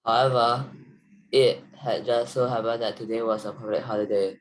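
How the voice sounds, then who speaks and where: A male student reading a text aloud in a halting, even way during an online lesson over a video call. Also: medium pitch, poor audio.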